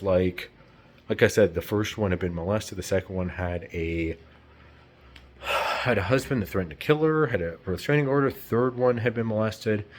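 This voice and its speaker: Low husky man ranting. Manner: rambling, profane, heated. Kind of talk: casual unscripted monologue.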